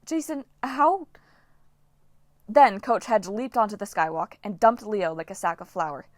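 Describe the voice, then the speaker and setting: A woman reading a novel aloud as an audiobook narrator, with steady, dramatic storytelling. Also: medium pitch, moderate pace, dry recording, studio quality. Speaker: audiobook reader.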